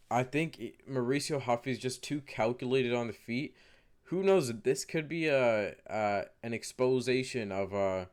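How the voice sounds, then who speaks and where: A man's voice: mid-range voice, darkish tone. A man casually talking through fight predictions to camera in a rambling way. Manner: rambling, many fillers and restarts. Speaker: MMA fight predictions vlogger.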